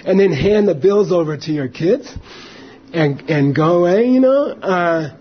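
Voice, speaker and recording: A middle-aged man with a very husky, breathy voice pitched fairly high talks earnestly as a Buddhist teacher addressing listeners. He keeps checking in with them as he goes. The recording is dull and lo-fi. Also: expressive, a little slow. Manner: earnest, repeats "you know" and "right". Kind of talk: informal talk to an audience.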